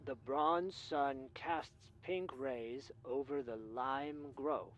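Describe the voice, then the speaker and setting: A man's voice: medium pitch, steady tone, takes it slowly, crowd noise, natural voice. An actor playing a wry, dryly humorous man who helps out over the phone in a mystery game. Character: dry, wry male helper on the phone. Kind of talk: video game voice acting.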